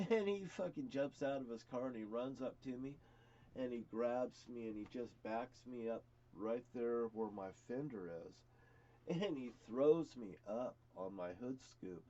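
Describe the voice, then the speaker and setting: A man's voice: mid-range voice, measured pace, mellow, highs cut off. Rambling, profane older man telling stories. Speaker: storyteller. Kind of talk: rambling personal storytelling.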